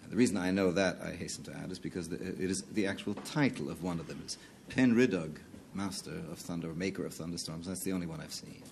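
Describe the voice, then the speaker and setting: Low-voiced man bluffing on a panel game. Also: quick pace, gravelly, few pauses, a little mellow, slight background noise. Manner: hesitant, stumbling restarts, then confident bluffing. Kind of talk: casual panel-game talk.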